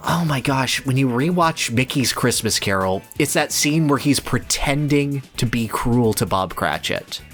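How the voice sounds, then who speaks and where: A podcast co-host in casual chat, gushing about a cartoon with excited bursts and frequent laughter. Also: mid-range voice, a little slow, few pauses, faint music behind.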